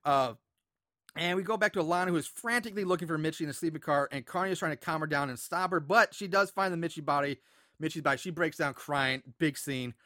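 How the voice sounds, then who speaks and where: A man's voice: on the high side, fast, dry recording, clean studio sound. A man casually recapping a film's plot for a co-host, acting out the characters' lines with laughter. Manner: animated retelling with acted-out quotes and laughs. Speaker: podcast co-host recapping a film. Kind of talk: casual chat.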